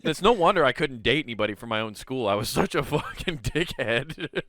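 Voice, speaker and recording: A man co-hosting a podcast, telling animated stories in casual chat, swearing freely and laughing through them. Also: mid-range voice, brisk, no room sound. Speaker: podcast co-host.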